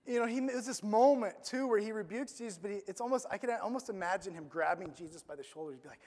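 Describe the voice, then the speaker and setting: A pastor preaching a sermon in a casual, conversational way, using slang and asking the crowd questions, swinging between loud emphasis and near-murmured lines. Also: medium pitch, fast talker, few pauses. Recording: long echo of a large hall.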